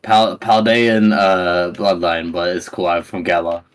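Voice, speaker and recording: Low voiced player dude, casual, cussing, fumbling his words. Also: level tone, a little slow, clean tone. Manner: loose, fumbling, swears casually. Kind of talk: casual chat.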